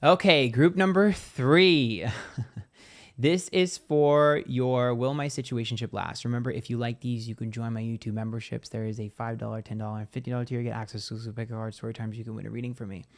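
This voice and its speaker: A man at an ordinary middle pitch gives a loose, chatty tarot reading straight to his viewers. He swears freely and drifts into acting out small imagined scenes. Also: level tone, fast, darkish tone. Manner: chatty and profane, acts out little scenes. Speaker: tarot reader. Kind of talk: casual tarot reading to camera.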